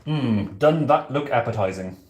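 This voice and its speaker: In an echoey apartment kitchen with background noise, a cosplay streamer cooks live while playing a flamboyant aristocratic owl demon prince. Campy, theatrical, and giggly, he calls his chat "darling," his medium-pitched voice lively, moderately paced, and lightly acted.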